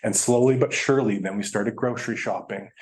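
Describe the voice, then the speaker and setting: A man, a guest speaker telling a personal story in a chatty, animated way, laughing now and then. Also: lowish voice, brisk. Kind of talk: storytelling presentation.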